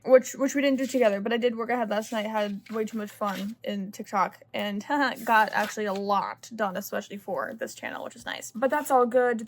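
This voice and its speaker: A woman's voice: mid-range voice, a little hiss or hum. A young woman vlogging in a casual, rambling way, partly whispered late at night. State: sleepy at two in the morning. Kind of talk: casual chat to camera.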